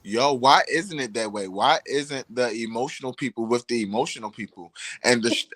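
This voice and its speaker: A man's voice: medium pitch, normal speed, a bit bright, no room sound. A man speaking as a podcast guest, casual and reflective, working through his thoughts aloud. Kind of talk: casual chat.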